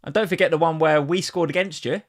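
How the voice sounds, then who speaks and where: A man co-hosting a fantasy football podcast, chatting casually and excitably. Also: fairly high pitch, fast. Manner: chatty and excitable, slips into animated impressions. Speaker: podcast co-host.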